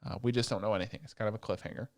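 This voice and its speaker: Animated, swearing podcast co-host man. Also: on the low side, very fast, creaky, dry recording, clean studio sound. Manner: animated, swearing, acts out characters' lines. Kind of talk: casual chat recapping anime.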